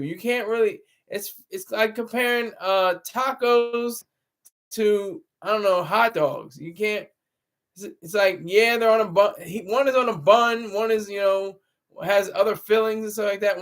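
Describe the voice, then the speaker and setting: A man's voice: high voice, moderate pace, a bit bright. A man hosting a casual livestream, rambling, laughing often and answering his chat through a laptop mic. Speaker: livestream host. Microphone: laptop camera mic.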